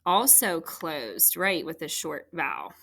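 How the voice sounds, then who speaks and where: Slow, bright-voiced woman teaching phonics. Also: low voice, big pitch swings, vocal fry. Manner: patient, step-by-step, talking to young students. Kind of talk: phonics lesson walkthrough.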